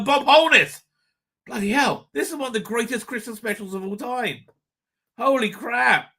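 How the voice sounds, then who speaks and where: A British-born man rambles through a live-stream chat, swearing freely and restarting his sentences. His voice sits a little high and has a very bright, forward edge. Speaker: livestream host.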